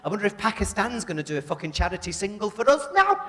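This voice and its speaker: A man's voice: sits high, very animated, fast talker, background noise. A man doing bawdy stand-up as a drag comedian in a live club, crude and brash with the crowd. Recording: live club recording with loud crowd and echo.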